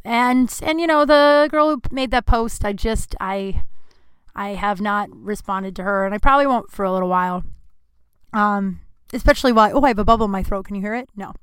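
Candid, smooth-voiced woman podcaster. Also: mid-range voice, brisk, no echo. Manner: rambling, candid, swears freely. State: ill, low energy. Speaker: podcast host. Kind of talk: candid solo podcast talk.

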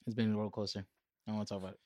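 A man on a casual podcast, quick and playful, teasing his friends. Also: lowish voice, flat delivery, darkish tone, no echo, studio quality. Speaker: podcast co-host.

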